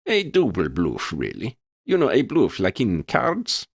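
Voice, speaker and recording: A man voicing a male professor who can take a beast's shape, with a deep, sepulchral voice, a hint of an Italian accent and measured, formal courtesy. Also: wildly swooping pitch, creaky, slightly rough, dry recording, studio quality, heavily acted. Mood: amused.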